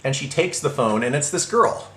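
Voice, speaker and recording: Man, mid pitch, telling a rambling story with lots of restarts, recorded in a roomy space. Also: lively intonation, moderate pace, fairly bright tone. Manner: rambling, many restarts and stammers. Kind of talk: casual storytelling monologue.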